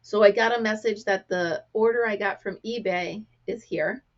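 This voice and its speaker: Woman, American accent, gravelly and throat-clearing, chatty anecdotal host, slightly dull recording. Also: medium pitch, normal speed. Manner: chatty storyteller, acts out quotes. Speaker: crafting vlog host. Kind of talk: casual chat to camera.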